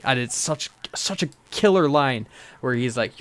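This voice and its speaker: A man's voice: medium pitch, normal speed, fairly bright tone, clean tone, no room sound. A man co-hosting a casual podcast chat, enthusiastic, laughing often and acting out quotes in character. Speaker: podcast co-host.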